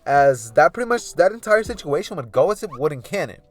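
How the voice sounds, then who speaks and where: A man's voice: a little high, sing-song, fairly quick. A man casually narrating a what-if fan story, rambling with loose filler phrases.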